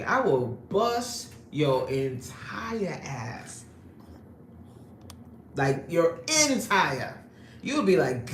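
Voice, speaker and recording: A woman's voice: low voice, expressive, measured pace. A woman fitness coach hosting a livestream, reading the chat aloud and joking brashly in streetwise slang. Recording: echoey room with faint ambient noise.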